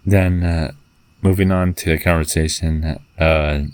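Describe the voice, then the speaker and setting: A man vlogging, retelling a text conversation in an earnest, rambling and halting way. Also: rumbling low, steady tone, darkish tone, smooth. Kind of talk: casual spoken retelling of a text chat.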